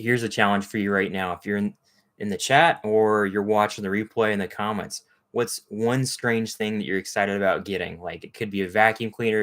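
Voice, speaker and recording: A man's voice: fairly low pitch, a bit bright. A man hosting a casual livestream, chatting with viewers in a rambling way and greeting them by name. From Texas. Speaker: livestream host. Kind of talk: casual live chat with viewers.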